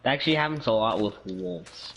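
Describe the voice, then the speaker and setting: A man from Canada with a lowish voice chats casually while gaming. He jokes, teases and rambles through his stories. A faint hiss sits under the recording. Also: lively intonation, a little fast, fairly bright tone, poor audio. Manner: joking, teasing, rambling.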